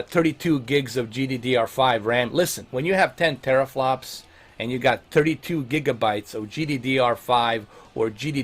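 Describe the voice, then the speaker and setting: A man hosts a casual question-and-answer show, answering viewers in an animated, blunt way. He swears freely and speaks in a mid-range voice close to a desk mic. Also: medium pitch. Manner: animated, blunt and profane ranting. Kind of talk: casual Q&A on tech and games.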